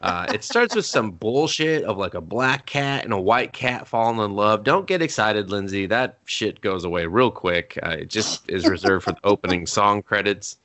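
Bright-voiced sarcastic podcast host. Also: male voice, fairly low pitch, lively intonation, moderate pace, hardly any pauses. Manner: sarcastic, profane recap with quoted voices. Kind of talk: casual podcast chat.

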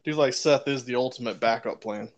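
A man's voice: mid-range voice, fairly quick, dull audio, a little hiss or hum. A man in casual chat about wrestling, laid-back and swearing casually.

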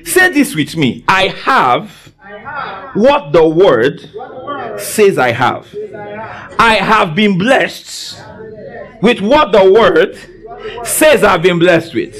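A man preaching a sermon in a church service. He quizzes the congregation call-and-response style and often bursts into shouts. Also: sits high, big pitch swings, slow, long pauses.

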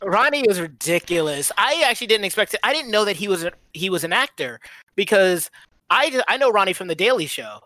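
A podcast co-host in a casual movie chat, talking in an animated way with frequent laughs and quick asides. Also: mid-range voice, no echo.

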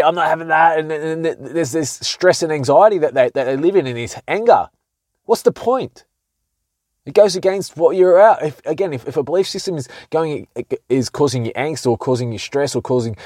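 A man's voice: fairly high pitch, darkish tone, dry recording, clean studio sound. A man hosting a casual solo podcast. He speaks candidly, swears freely and often restarts his sentences. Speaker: podcast host.

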